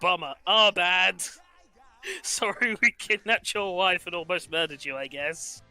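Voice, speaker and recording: A man's voice: sits high, unhurried, pushed and bright, faint music behind, heavily acted. A man voicing a smug, flippant male villain symbiote from a video game in a mocking tone.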